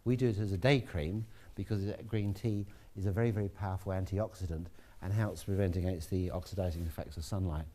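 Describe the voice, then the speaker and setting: A man giving a relaxed, chatty classroom lecture, with asides to students. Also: sits low, fairly quick, hardly any pauses.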